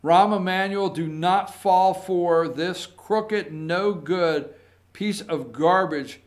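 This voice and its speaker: Male opinion host, high voice, sarcastic and combative, rambling. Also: takes it slowly. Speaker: political commentary host. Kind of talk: opinionated political commentary.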